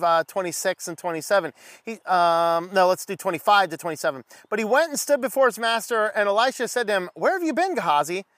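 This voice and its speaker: Animated, joking male Bible teacher. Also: high-pitched, dry recording. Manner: animated, joking, reads scripture aloud, acts out dialogue. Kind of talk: casual Bible study talk.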